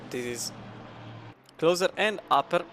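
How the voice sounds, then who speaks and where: Italian-accented sim racing commentator. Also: male voice, a little high, lively intonation, a little slow, a bit bright, a little hiss or hum. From Italy. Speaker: race commentator.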